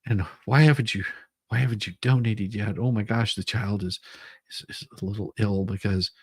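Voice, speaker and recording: A hushed, wheedling fundraiser begging for money, as a man mimics one. The voice is low, gravelly and husky, and it pleads steadily. The recording is dry and close. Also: steady tone, moderate pace, dry recording. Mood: pleading.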